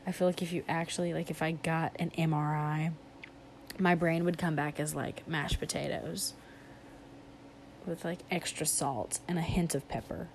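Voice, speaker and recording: A woman's voice: sits low, steady tone, moderate pace, darkish tone, a little hiss or hum. A young adult woman hosting a podcast, rambling from topic to topic in a self-deprecating comedic monologue with giggly asides. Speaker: podcast host.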